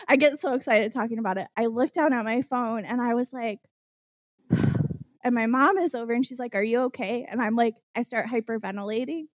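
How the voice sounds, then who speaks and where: Brief: young woman, giddy and excitable, higher voice, dry close sound, casual chat. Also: quick pace, few pauses, dry recording. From Chicago area.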